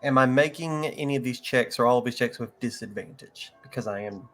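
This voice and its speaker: A man's voice: medium pitch, a little fast, a bit bright. A man playing a tabletop game, talking in an easygoing, casual way. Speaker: player. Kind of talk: casual chat.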